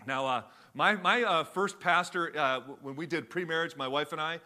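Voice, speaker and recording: Bright-voiced pastor preaching conversationally. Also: male voice, on the high side, moderate pace. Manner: conversational, with many fillers and restarts. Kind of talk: sermon.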